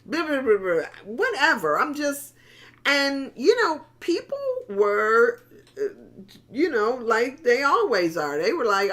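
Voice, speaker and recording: A middle-aged woman pastor preaches a sermon conversationally, speaking straight to the congregation and often repeating or restarting words. Her voice is high, sing-song and a bit bright, with a slow pace.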